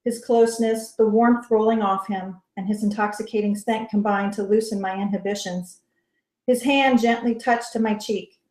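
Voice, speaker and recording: A woman's voice: mid-range voice, fairly even intonation, moderate pace, a little mellow. Woman reading a novel aloud, roomy. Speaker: author reading her novel. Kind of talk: first-person novel reading. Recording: roomy echo.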